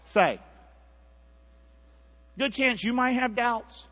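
Pastor guy preaching, high bright voice, big echo in the church. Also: drawn-out words, husky, lo-fi sound. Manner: call-and-response preaching, shifts from near-whisper to shouting. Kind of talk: sermon. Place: church sanctuary.

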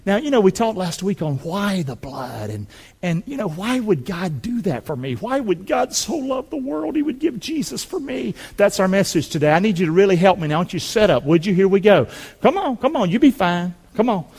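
A man from North Carolina with a Southern accent, preaching a loud, fervent sermon with call-and-response in a church. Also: high voice, sing-song, brisk, gravelly, husky, long reverb tail. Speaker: pastor. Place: church building.

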